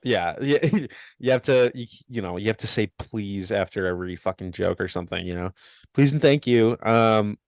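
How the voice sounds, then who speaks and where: A man's voice: fairly low pitch, normal speed, no room sound. Rambling young man, dry close sound. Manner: rambling, laughing, self-deprecating storytelling. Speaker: podcast co-host. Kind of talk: casual chat.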